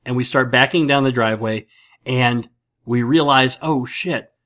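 A man's voice: medium pitch, unhurried, a bit bright. Rambling, jokey man hosting a podcast. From upstate New York. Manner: rambling, jokey storyteller with many restarts. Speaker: podcast host. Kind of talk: casual podcast chat.

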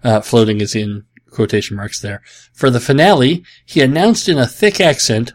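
A man's voice: medium pitch, expressive, normal speed. A man with a mid-range voice hosts a laid-back podcast from home. He rambles and teases in a sarcastic, self-mocking way. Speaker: podcast host answering listener questions. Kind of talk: casual comedic chat.

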